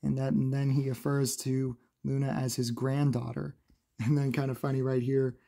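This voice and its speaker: A man recapping a comic book in a casual, chatty review, laughing often and filling pauses with "uh". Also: medium pitch, little pitch movement, gravelly, warm tone.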